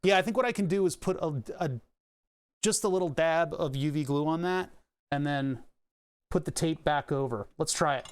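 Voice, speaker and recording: A man's voice: a little high, moderate pace, clean tone. A man streaming casually while he works on a craft project, rambling and restarting sentences and laughing at puns as he talks to his chat. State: hiccuping, heartburn.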